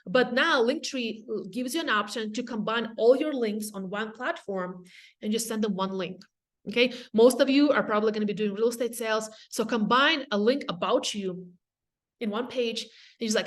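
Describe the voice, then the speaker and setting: A woman from Russia with a Russian accent, giving a casual, energetic webinar talk on real estate, with quick asides to the audience. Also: a little high. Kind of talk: casual presentation.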